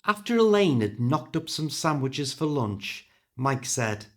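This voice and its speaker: A British man narrates a story for listeners learning English, reading clearly and with feeling. His pitch sits in the middle but moves around a great deal as he reads. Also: very animated, measured pace, a bit bright.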